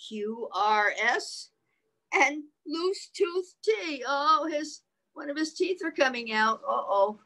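Slow sing-song woman reading to kids. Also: high-pitched, expressive, bright, forceful tone, poor audio. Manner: slow sing-song reading, stops to ask the listening children questions. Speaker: children's storyteller. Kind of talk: reading a picture book aloud to young children.

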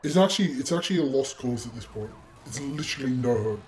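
Speaking quickly and animatedly in a medium-pitched voice, this young gaming creator comments on his own footage. He curses constantly and hurls insults at himself in frustration.

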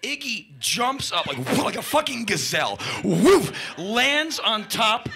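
Excitable man telling a wild story. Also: high voice, unhurried, slight background noise. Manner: excitable, profane, shouts and mimics noises. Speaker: spoken-word storyteller. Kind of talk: animated anecdote with sound effects.

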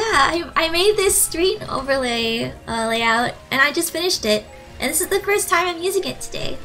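A woman streamer with a very high, bright voice chats with her live audience in a bubbly, giggly way. She talks at a slow, easy pace. Faint game music sits behind her. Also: low-quality recording. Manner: bubbly, gushing, giggly, thanks viewers. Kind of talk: live gaming stream commentary.

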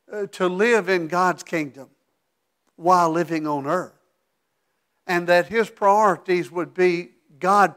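Man, pastor, high voice, sermon, animated, emphatic peaks, hushed asides, church sanctuary.

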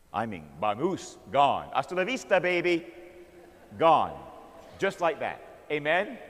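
An American man, a Catholic priest, telling stories in an animated sermon and calling out "Amen?" to the crowd. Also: high voice, in a large hall. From United States. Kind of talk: storytelling sermon.

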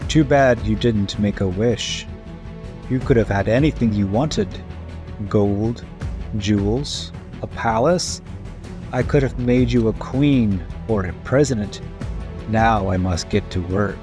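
Huge ugly bottle monster, deep and booming, gloats, as a man reads it out. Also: slow, over music. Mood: gloating menace.

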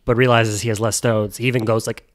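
A co-host on a casual recap podcast, speaking at a middle pitch. Dry, sarcastic comments punctuate the chat. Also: level tone, quick pace. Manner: wry, sarcastic asides.

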